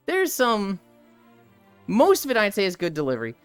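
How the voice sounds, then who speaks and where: A streamer in casual live chat who rambles and swears freely, voice swinging widely in pitch. Faint background music runs throughout. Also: wildly swooping pitch, fairly quick, smooth, dry recording.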